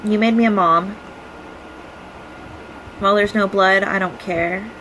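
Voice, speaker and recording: A young woman recording a personal video message to her partner, speaking in an emotional, halting way with many pauses as she holds back tears. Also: mid-range voice, fairly even intonation, fairly bright tone, slight background noise, low-quality recording. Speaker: vlogger.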